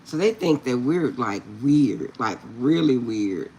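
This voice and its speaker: A woman's voice: very deep voice, slow, a little hiss or hum. A middle-aged woman telling a funny family story to her viewers, laughing often and insisting she is serious. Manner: animated, laughs often, repeats "I'm serious". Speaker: tarot reader.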